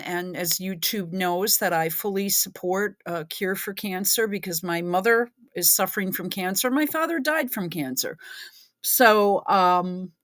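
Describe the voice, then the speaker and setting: A woman's voice: medium pitch, fairly bright tone, dry recording, clean studio sound. A woman hosting a reaction video, giving casual, sarcastic commentary with swearing and bursts of laughter.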